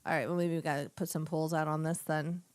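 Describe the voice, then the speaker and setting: A woman's voice: sits low, level tone, fast, a little mellow, no echo. A woman co-hosting a casual podcast chat, jokey and giggly, often slipping into silly put-on accents. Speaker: podcast co-host.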